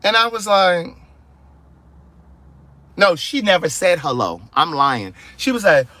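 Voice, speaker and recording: Sassy, animated man ranting in his car. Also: high-pitched, slow, no echo. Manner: animated, acts out both sides of phone calls; sassy, exasperated. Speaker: vlogger telling a story. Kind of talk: casual storytelling rant. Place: inside a car.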